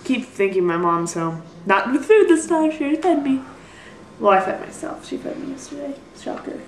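Young woman, highish voice, rambling and apologetic, home vlog in an echoey room. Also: big pitch swings, normal speed. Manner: rambling, apologetic, self-deprecating. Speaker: vlogger. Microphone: built-in computer mic.

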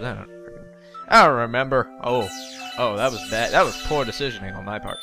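A man's voice: medium pitch, fairly quick, vocal fry, bright, forceful tone, soft background music. A young man rambling through gameplay commentary, joking to himself and yelping in panic at his mistakes. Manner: rambling, jokey, yelps in panic. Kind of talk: let's play commentary.

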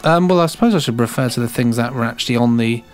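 A man's voice: mid-range voice, fast, soft background music. A man co-hosting a casual podcast, speaking hesitantly with many restarts. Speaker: podcast co-host. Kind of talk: casual chat.

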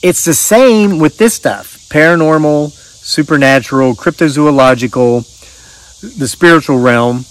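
Speaking unhurriedly in a fairly high-pitched voice, this middle-aged channel host rambles in a folksy, casual way, often restarting, and reads out stories sent in by viewers.

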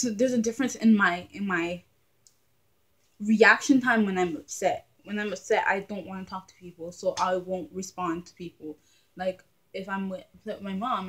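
A woman's voice: medium pitch, slightly rough. Chatty young woman vlogger. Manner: chatty, animated, laughs often. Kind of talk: casual talking-to-camera vlog.

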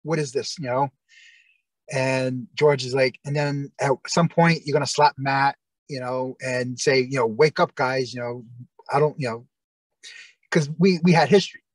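A man's voice: mid-range voice, fairly even intonation, moderate pace, no echo. A man telling stories in a casual interview, rambling with lots of fillers and restarts. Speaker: interview guest.

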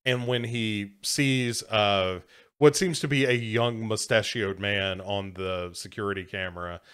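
A man's voice: on the low side, fairly even intonation, measured pace, a bit bright, smooth. A man co-hosting a movie podcast, walking through a film's plot step by step with frequent "um" and "like". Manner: methodical plot recap, hesitant fillers and restarts. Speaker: podcast co-host. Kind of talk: casual movie chat.

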